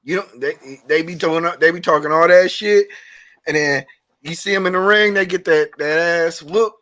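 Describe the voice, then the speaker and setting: A man's voice: on the high side, moderate pace, pushed and bright. A man in casual chat, laid-back and profane, often laughing as he talks.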